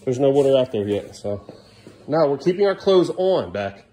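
A man's voice: medium pitch, big pitch swings, moderate pace, warm tone, a little hiss or hum. A middle-aged man, a father filming a home vlog, exasperated and scolding as he keeps repeating commands to his kids. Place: family home, indoors and yard.

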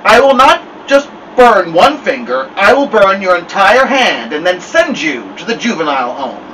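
A man's voice: high-pitched, sing-song, moderate pace, bright, forceful tone, far from the mic, a little hiss or hum, voice pushed up, full character voice, rough recording. A man voicing a stern mother who talks sweetly while threatening her son, in a storybook reading. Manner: sweet-talking with menace. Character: stern fierce mother, coaxing then threatening.

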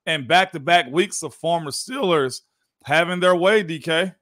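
A former football player with a Southern American accent co-hosts a sports talk show in a relaxed, joking way. His voice sits a touch high. The sound is dry and close, with no room echo. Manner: laid-back, joking, drawn-out phrasing. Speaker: co-host, former football guard. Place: remote studio.

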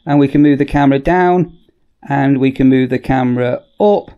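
A man giving a casual, chatty product demonstration in a workshop, often repeating "as I say" and pausing on ums. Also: medium pitch, highs cut off. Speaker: product reviewer.

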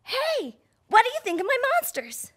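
A woman voicing a chatty, excitable little boy puppet who hosts a children's show and talks straight to the viewer. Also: very high voice, moderate pace, heavily acted. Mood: proud. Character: playful little boy puppet, pre-school vlogger.

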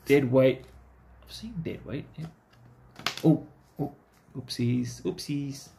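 A man's voice: mid-range voice, slow, vocal fry, warm tone, slight background noise. A man giving casual, chatty commentary to himself as he opens trading card packs. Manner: talks to himself, easygoing and chatty. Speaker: card-opening vlogger.

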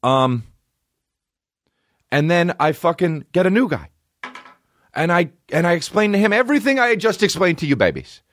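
A man hosting a podcast, telling a comedic rant in a profane voice that drops to a low mutter and rises to high-pitched yelling. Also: big pitch swings, normal speed, pauses often. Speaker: podcast host. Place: podcast studio.

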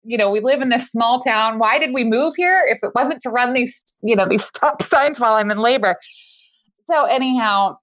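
A woman telling a personal story as a podcast guest, in a casual, animated way, laughing often as she talks. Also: on the high side, normal speed, lo-fi sound.

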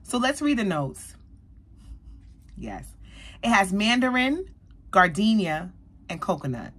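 A woman beauty vlogger, likely in her thirties, reviewing a perfume in an animated, chatty way and talking straight to her viewers. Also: medium pitch, slow pace, slightly rough. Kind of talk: casual product review.

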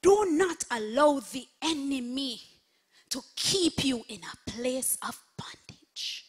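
A woman minister preaching an online sermon, swinging from hushed whispers to shouts. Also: sits high, animated, takes it slowly, breathy edge. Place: home setup, streaming online.

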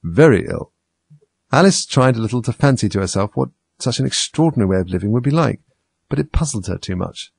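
A man reading a classic storybook aloud in an expressive way. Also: mid-range voice, quick pace, vocal fry, breathy edge, no room sound. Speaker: reader.

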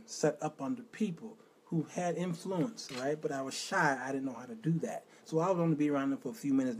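Husky middle-aged man telling his story. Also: mid-range voice, darkish tone. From Chicago, west side. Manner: emotional storytelling with sung snippets. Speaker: host. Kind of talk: personal testimony talk.

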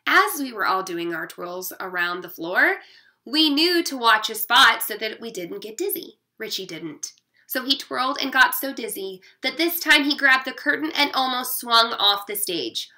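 A woman's voice: on the high side, sharp tone. A woman teacher reading a children's story aloud expressively, with short asides to her listeners.

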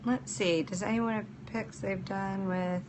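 A woman's voice: medium pitch, fairly even intonation, unhurried, background noise. A woman hosting a casual live-stream chat as a nail technician, practical and chatty, answering viewers by name. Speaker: nail technician and show host.

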